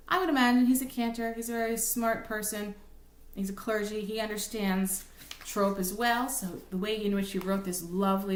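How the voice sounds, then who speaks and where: Woman cantor, mid-pitched voice, patient and explanatory, sings short examples, echoey room. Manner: patient, explanatory, thinks aloud with restarts; breaks into slow sung examples. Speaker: cantor teaching a class. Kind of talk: recorded lesson explaining chant melodies. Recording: roomy, echoey room sound.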